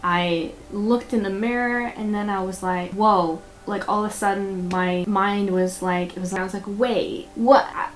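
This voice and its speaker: A woman's voice: mid-range voice, steady tone, normal speed, few pauses, a little hiss or hum. A young woman in a personal vlog, talking candidly and a bit rambling, with frequent fillers and nervous laughs. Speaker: vlogger.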